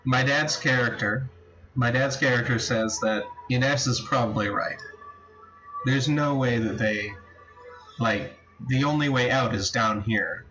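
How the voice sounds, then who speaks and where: A man's voice: a little slow, pushed and bright, soft background music. A man acting as game master of a tabletop game, thinking aloud with hesitant restarts. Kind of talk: running a tabletop game session. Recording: dull low-fidelity recording with faint noise.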